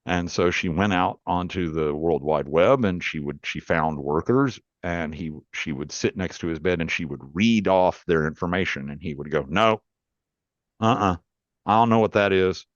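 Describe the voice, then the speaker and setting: A deep-voiced man recounting his past in a plainspoken, earnest, meandering way. The sound is dry and a bit dull, like lo-fi remote audio. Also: moderate pace, hardly any pauses, no room sound. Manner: plainspoken, earnest, rambling storyteller. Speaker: guest, rootworker and author. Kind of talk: storytelling in a podcast interview.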